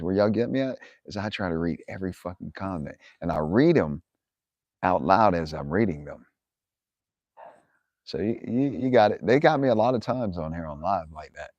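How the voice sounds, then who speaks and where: A man's voice: sits low, a little mellow, dry recording. A man hosting a live viewer Q&A, telling stories bluntly with lots of swearing and laughs. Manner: blunt, profane, laughs often, quotes himself angrily. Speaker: livestream host answering viewer questions. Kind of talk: profane casual live Q&A storytelling.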